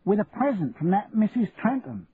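Brief: older countrywoman, meek and gentle, voiced high by a male reader, phone-thin sound. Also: big pitch swings, normal speed, slightly rough, dry recording, full character voice. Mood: eager. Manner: raised and soft-spoken. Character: timid older wife, humble and kindly. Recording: tinny lo-fi radio recording, faint hiss.

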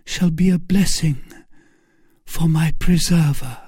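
A man's voice: on the high side, takes it slowly, dark tone, slightly rough, no room sound, clean studio sound, pitched above the performer's own voice. A man voicing a scheming woman prisoner who pleads in tearful, pious tones, raising his voice well above his own. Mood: imploring. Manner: tearful, imploring, theatrically devout. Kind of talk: audiobook character voice.

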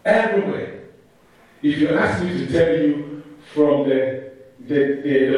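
A man teacher giving a lively talk to a live audience, playfully calling on people and leading call-and-response. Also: a little high, a little slow, long pauses. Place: large room with an audience. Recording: echoey room, mic far off.

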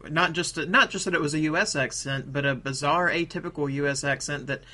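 A man co-hosts a loose podcast chat. His voice sits slightly high with a bright ring. He rambles from thought to thought and laughs easily. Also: quick pace. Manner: rambling, laughs, hams up mock accents. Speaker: podcast co-host. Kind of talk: casual chat.

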